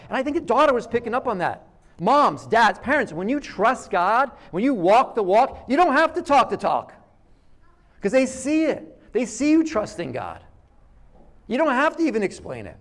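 High-voiced pastor preaching conversationally. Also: male voice, normal speed. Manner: conversational, animated storytelling with acted quotes. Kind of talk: sermon.

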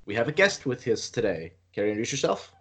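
A man's voice: medium pitch, big pitch swings, fast talker, a bit bright, slightly rough. A man co-hosting a podcast, explaining things at length with frequent restarts. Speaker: podcast co-host. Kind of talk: casual podcast chat.

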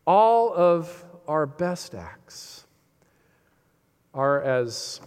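A man preaching with a slightly high voice that rings out through a hall with a long, lingering reverb. He pushes key words up with force, then drops to a hushed, heavy tone and leans on dramatic pauses. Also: very animated, clean tone. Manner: emphatic, rises on key phrases then drops low and quiet; dramatic pauses, quotes lines with feeling. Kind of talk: sermon.

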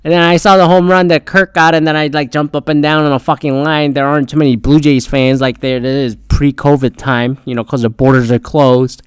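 A man's voice: a little high, little pitch movement, brisk, hardly any pauses, clear, resonant tone, no echo, clean studio sound. Rambling, foul-mouthed young man. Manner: rambling, heavy swearing, frequent fillers. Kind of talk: casual storytelling.

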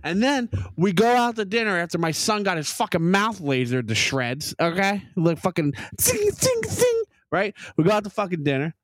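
A young man on a podcast, his voice pitched a bit high, delivering a heated, profane comedic rant. He tells his story animatedly into a dry, close mic. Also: expressive, a little fast, few pauses, a bit bright, no echo. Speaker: podcast co-host.

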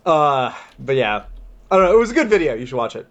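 A man's voice: medium pitch, sing-song, fast talker, a bit bright, muffled recording. A man in casual chat with friends, joking, rambling and laughing often.

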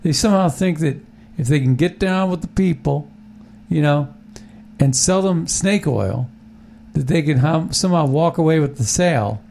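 A man's voice: a little high, moderate pace, vocal fry, a little mellow, slight background noise. A man hosting a talk show, chatting casually and opinionatedly about politics, rambling with many restarts. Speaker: podcast host.

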